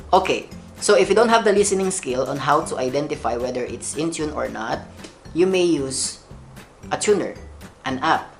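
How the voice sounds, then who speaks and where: A man's voice: mid-range voice, gravelly. A young man from the Philippines with a Filipino English accent, hosting a playful question-and-answer video and laughing at his own jokes. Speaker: kalimba channel host. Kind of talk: Q&A vlog.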